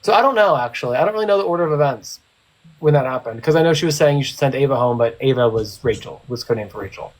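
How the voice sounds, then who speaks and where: A man's voice: medium pitch, lively intonation, racing, rough recording. A young man hosting a casual live stream chat, telling stories and teasing his guests. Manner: chatty storyteller, teasing.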